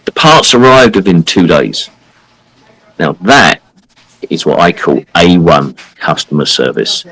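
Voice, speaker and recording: Deep, lively-voiced man telling a story. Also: unhurried, slightly rough, no echo, poor audio. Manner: emphatic, animated storyteller who acts out the people he quotes. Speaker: podcast co-host. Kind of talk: casual podcast storytelling.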